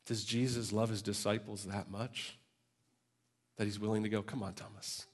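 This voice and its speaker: A man's voice: lowish voice, little pitch movement, normal speed, darkish tone. A man preaching a sermon at a church service, earnest and emotional, with self-deprecating asides. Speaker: pastor.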